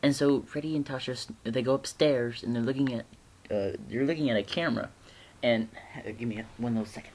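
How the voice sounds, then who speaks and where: A man's voice: medium pitch, brisk, a little mellow, a little hiss or hum. A man giving a casual, rambling episode recap, chatty and laughing often. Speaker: TV episode reviewer.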